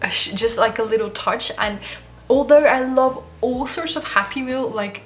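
A woman vlogger chatting casually to camera as she opens fan mail, gushing and excitable. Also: on the high side, normal speed. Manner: gushing, excitable, gasps and laughs often. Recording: echoey room with faint noise.

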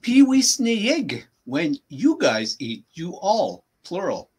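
A man teaching in a casual chat, patiently repeating phrases slowly for his learner. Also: high voice, wildly swooping pitch, darkish tone, slightly rough. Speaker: language teacher.

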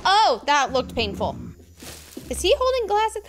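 This reaction-video host has a very high voice with wildly swooping pitch, and she speaks slowly. Easily moved, she gasps, exclaims and rates the clips she watches, with loud clip music beneath her.

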